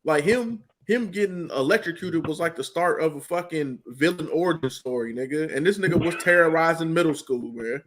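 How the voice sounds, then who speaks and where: A man's voice: fairly high pitch, fairly quick, few pauses, fairly bright tone, a little hiss or hum. A man co-hosting a podcast, riffing in a laid-back, profane casual chat. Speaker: podcast co-host.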